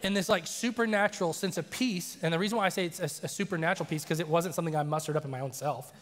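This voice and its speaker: A man preaching a sermon as a story, animated and acting out the voices he quotes. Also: on the high side, very fast. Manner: animated, acts out quoted voices, laughs often. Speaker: pastor. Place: church sanctuary. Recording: long reverb of a large church hall.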